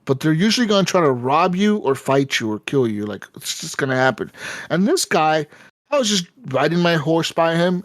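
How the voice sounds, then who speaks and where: A man co-hosting a gaming podcast, telling stories in a lively, casual way and swearing often. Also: on the high side, no room sound. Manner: animated storytelling, swears often. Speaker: podcast co-host. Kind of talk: casual chat.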